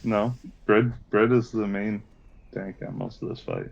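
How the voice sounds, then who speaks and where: A man leading a game raid over voice chat, calmly giving directions to the group. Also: on the low side, measured pace, gravelly, lo-fi sound. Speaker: raid leader. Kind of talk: casual voice chat while gaming.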